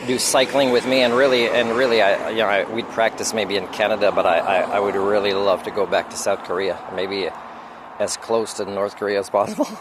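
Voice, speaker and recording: Man, French accent, low voice; digressive, opinionated vlog chat outdoors with faint road noise. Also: steady tone, fairly quick. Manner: opinionated, digressive, chuckles often. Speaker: vlogger. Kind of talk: rambling roadside monologue. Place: outdoors by a road, on a motorcycle trip.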